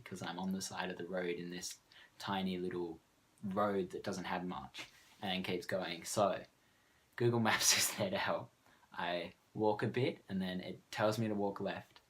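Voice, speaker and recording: A man's voice: low voice, a bit bright. A young man with an Australian accent, telling a rambling, self-mocking story in a casual vlog and laughing often. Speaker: vlogger.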